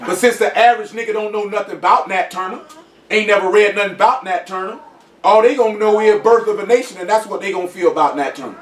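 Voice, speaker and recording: A man's voice: sits high, fast. A man talking in a casual group discussion, emphatic and insistent, often asking whether he is understood. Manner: emphatic, repeats "you know what I'm saying". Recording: echoey room, voice from a distance.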